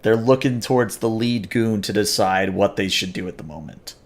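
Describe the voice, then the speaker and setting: A man runs a tabletop game, narrating scenes and explaining rolls. He talks in a low voice and hesitates often, filling gaps with filler sounds. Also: normal speed. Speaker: game master.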